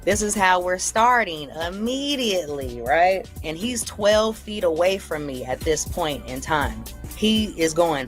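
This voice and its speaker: A woman's voice: low-pitched, lively intonation, unhurried, faint music behind. A woman comedian recounting a run-in during an interview, animatedly acting out what each person said.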